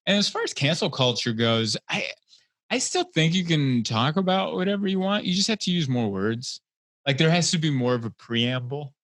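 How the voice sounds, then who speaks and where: A man's voice: on the high side, normal speed, no room sound. Chatty comedian man, dry close sound. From Hungary. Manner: chatty storyteller, rambling with fillers, gets animated. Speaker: guest comedian. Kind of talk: casual podcast conversation.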